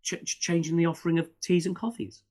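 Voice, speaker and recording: In a relaxed podcast interview, a middle-aged male guest speaks quickly in a voice on the high side. His animated answers come in rambling bursts packed with restarts and fillers.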